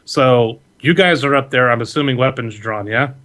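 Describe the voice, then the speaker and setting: A man running a tabletop role-playing game over a video call, narrating the scene in a relaxed, rambling way with fillers and self-corrections. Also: mid-range voice, moderate pace. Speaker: game master.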